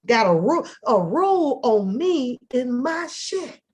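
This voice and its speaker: A middle-aged woman, hosting a live talk stream and telling a loud, profane, animated story with lots of laughter. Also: high-pitched, slow, breathy edge. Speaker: host of a live panel talk show.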